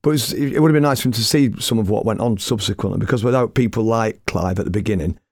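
A middle-aged man telling a story in a lively, blunt, self-mocking way, as a radio presenter. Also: on the low side, quick pace, no echo, clean studio sound. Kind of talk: casual anecdotal storytelling.

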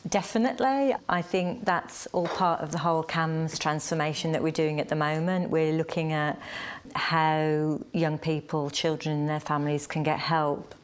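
A woman speaking as a mental health service professional, explaining her work in a measured way. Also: deep voice, fairly even intonation, smooth. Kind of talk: professional discussion.

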